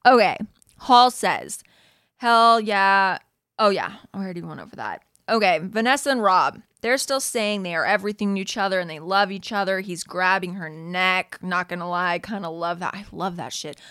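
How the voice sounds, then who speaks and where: A woman's voice: on the low side, expressive, fairly quick, fairly bright tone, no room sound, studio quality. A young woman hosting a podcast, chatting casually, with lots of "like", frequent laughs and easy swearing. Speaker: podcast host recapping a reality show. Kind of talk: casual chat.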